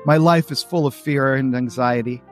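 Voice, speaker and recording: An anxious little cartoon boy who clings to his blanket, read aloud by a man. He speaks in a worried, pleading tone, close to an ordinary mid-pitched voice. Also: fairly even intonation, moderate pace, faint music behind, lightly acted. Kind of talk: reading a comic strip aloud.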